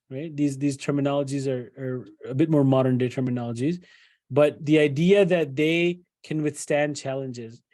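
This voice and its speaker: A man's voice: on the high side, mellow. A middle-aged man giving a conversational lecture to parents as a psychologist, often checking in with "right?" and acting out what a parent might say. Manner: conversational, many fillers and "right?" tags, acts out parent quotes.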